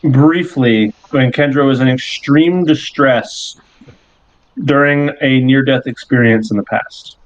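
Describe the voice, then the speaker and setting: A man running a tabletop game as game master, narrating scenes slowly and descriptively with pauses. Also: mid-range voice. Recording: dull lo-fi sound.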